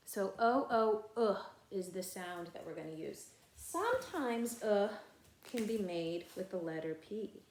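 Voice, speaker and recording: A young woman teaching a first grade phonics lesson, patient and clear, stretching out sounds for children to echo. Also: medium pitch, darkish tone.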